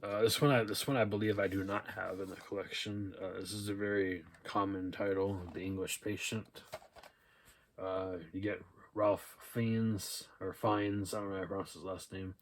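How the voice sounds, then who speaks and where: In a deep voice at normal speed, the thrift haul vlogger shows off the movies he picked up secondhand. He's a young man who rambles in a relaxed way, sprinkling in lots of "uh" and "um" as he reads DVD titles and cast lists aloud.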